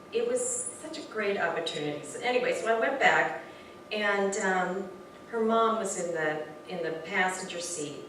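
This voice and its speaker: A woman telling an informal personal story to a spiritual gathering. She is animated, often restarts sentences and uses many fillers. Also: lowish voice. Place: hall of a spiritual center. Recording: very echoey room from far off with faint noise.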